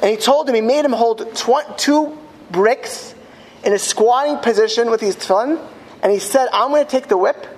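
A man telling a story to an audience with halting restarts, his voice rising to high cries in quoted lines. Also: a little mellow, a little hiss or hum. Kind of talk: impassioned storytelling talk. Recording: long hall reverb, faint ambience.

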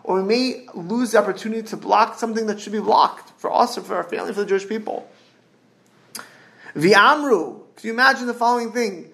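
Gravelly, high-voiced man preaching. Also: fairly quick, a bit bright. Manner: earnest, repeats and restarts words, rising emphasis. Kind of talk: sermon storytelling.

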